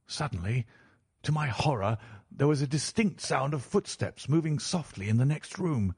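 A man narrating a story in a measured, formal way, as an audiobook reader. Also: mid-range voice, expressive, darkish tone, husky, dry recording, clean studio sound. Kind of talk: scripted narration.

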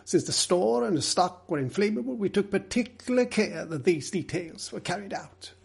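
Man playing a firm, gravelly gentleman. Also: high voice, lively intonation, voice pushed up, full character voice. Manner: firm, deliberate.

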